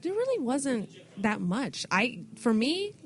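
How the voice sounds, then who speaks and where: A woman's voice: fairly high pitch, very animated, slow pace. A woman guest who works at a comic shop, talking bluntly and matter-of-factly. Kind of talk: casual chat.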